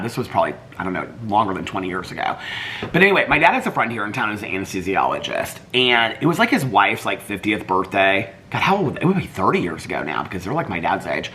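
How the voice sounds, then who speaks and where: A man's voice: on the low side, sharp tone, slight background noise. An older man vlogging in casual chat, rambling and laughing, a little congested from allergies. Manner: chatty, rambling, often breaks into singing and laughter.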